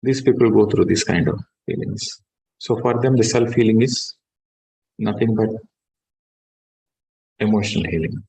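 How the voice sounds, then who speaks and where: A man, a meditation teacher guiding a session and then giving a calm, measured spiritual talk that stresses key words. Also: fairly low pitch, low-quality recording.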